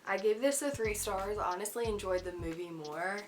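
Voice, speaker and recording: A woman talking casually about books she has read, candid and chatty, with fillers like "um" and "like". Her voice sits at a middle pitch. Soft music plays faintly underneath. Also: normal speed. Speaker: book vlogger. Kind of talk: casual book review chat.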